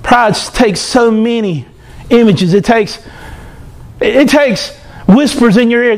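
A male pastor preaching a sermon, animated, acting out the voices of proud people. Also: very high voice, slow, pauses often.

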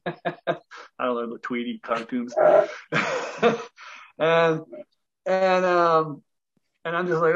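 A man's voice: a little high, fairly even intonation, moderate pace, long pauses, a bit bright. A middle-aged man telling a personal story in a casual interview, laughing between lines and acting out the voices of the people in it. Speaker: guest breathwork teacher. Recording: dull lo-fi audio.

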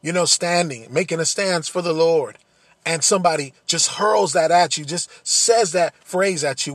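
A man delivers an earnest sermon in a fairly high, husky voice. He repeats his phrases and builds to emphatic peaks. The sound is dry and close. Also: normal speed, a bit bright, no room sound. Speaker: preacher.

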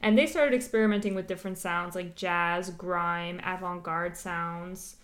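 A woman's voice: on the low side, fairly even intonation, measured pace, a bit bright. A woman hosting a podcast, chatting casually and explaining a topic with lots of fillers and asides. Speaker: podcast host.

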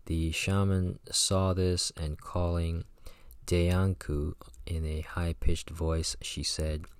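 A man's voice: low-pitched, level tone, takes it slowly, clean tone, no echo. A man reading a folktale aloud and breaking off into chatty, slangy asides. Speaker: reader and commentator.

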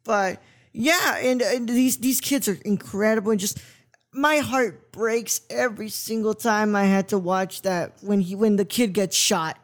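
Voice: medium pitch, a little slow. A podcast host in casual film talk, earnest and often searching for words mid-sentence.

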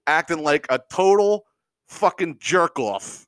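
Here a man hosting a podcast speaks at a fairly high pitch, animated and a bit bright, with a clear, resonant tone and no audible room. His casual comedic rant is profane and exasperated, full of rambling, unscripted asides, quick mocking impressions of people, fillers, and chuckles.

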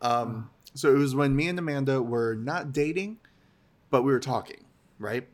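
A man co-hosting a podcast in casual chat, trading jokes and deadpan interjections. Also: medium pitch, moderate pace. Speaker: podcast co-host.

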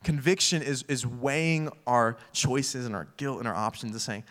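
A man's voice: medium pitch, moderate pace, a bit bright. A young man preaching a casual sermon full of fillers, acting out little quoted voices as he talks.

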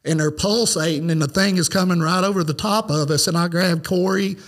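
Man, fairly high voice, rambling and earnest, fillers everywhere, podcast guest. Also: fairly quick. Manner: rambling, earnest, lots of "you know" fillers. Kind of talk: casual storytelling.

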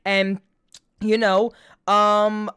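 A man's voice: high voice, completely flat delivery, extremely slow, bright, forceful tone, smooth, no echo, clean studio sound. Crude rambling New York guy. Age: about 20. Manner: crude, rambling, many restarts and repeated words. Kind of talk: casual chat.

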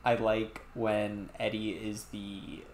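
A man's voice: lowish voice, little pitch movement, takes it slowly, a little hiss or hum. A man co-hosting a podcast, casually chatting and animatedly retelling film scenes. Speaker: podcast co-host. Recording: echoey room.

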